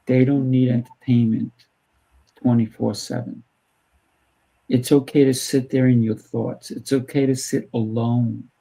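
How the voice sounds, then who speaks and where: Gravelly dark-voiced male host. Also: medium pitch, little pitch movement, unhurried, low-quality recording. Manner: firm, coaching tone, acts out dialogue. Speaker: host and martial arts teacher. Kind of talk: casual interview chat.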